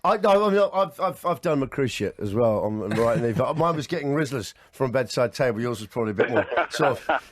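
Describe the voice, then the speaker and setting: A man's voice: mid-range voice, lively intonation, fast talker, no room sound. A man hosting a breakfast radio show. He tells rambling, self-mocking stories full of restarts. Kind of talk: chatty radio banter. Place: radio studio.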